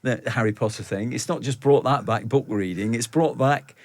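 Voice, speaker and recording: A man's voice: medium pitch, normal speed, dry recording. A middle-aged man guesting on a radio show, talking at length in a reflective, storytelling way. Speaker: film director guest. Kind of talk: radio interview.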